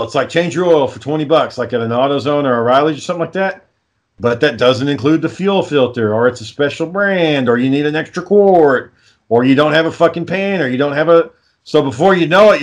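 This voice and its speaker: A man's voice: fairly high pitch, animated, a little fast. Profane storytelling man. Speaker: podcast co-host. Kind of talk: casual chat.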